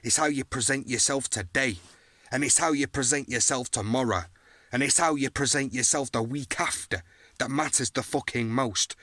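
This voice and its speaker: A man's voice: medium pitch, moderate pace, sharp tone. A young man ranting in a fight promo vlog, swearing hard and trash-talking his opponent. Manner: swearing, aggressive trash talk.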